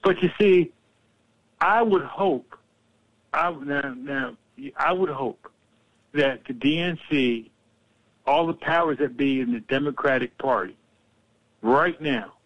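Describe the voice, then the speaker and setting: A man hosting a heated political talk, animated and profane, telling stories to make his point. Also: fairly high pitch, no echo, muffled recording. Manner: profane, animated, fired-up storyteller.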